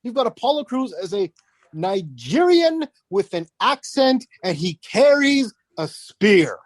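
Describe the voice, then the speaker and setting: A woman guesting on a casual review podcast, talking in an animated, exasperated rant. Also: medium pitch, unhurried, dry recording. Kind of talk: casual wrestling review chat.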